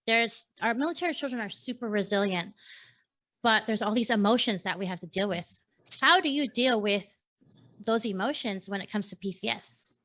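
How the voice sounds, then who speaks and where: A woman in her thirties from San Diego hosting a casual panel chat, telling stories in a chatty, animated way. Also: mid-range voice, normal speed. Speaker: host.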